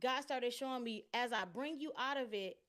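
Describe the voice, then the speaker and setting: High-voiced woman sharing a candid testimony. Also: normal speed. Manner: candid, expressive storytelling with quoted dialogue and restarts. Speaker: interview guest. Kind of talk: personal faith testimony in conversation.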